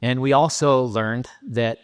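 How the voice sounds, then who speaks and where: A middle-aged man from Southern California giving a keynote talk, telling a personal story in a halting, emotionally raw way with frequent restarts. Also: medium pitch, steady tone, clear, resonant tone. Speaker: keynote speaker. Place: conference stage in a large hall. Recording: reverberant hall sound.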